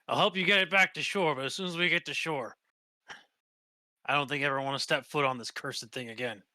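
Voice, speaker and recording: A man's voice: fairly high pitch, a little fast, sharp tone, no echo. A man voicing a wary, homesick male sailor who speaks plainly and calls others buddy or friend. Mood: weary. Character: weary homesick male sailor, former crew.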